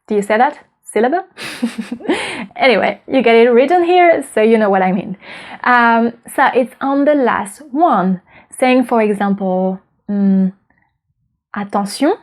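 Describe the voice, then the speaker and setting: A woman with a French accent teaches pronunciation in a casual video lesson, her fairly high voice lively in intonation at a normal speed. She explains patiently and often checks in with the viewer.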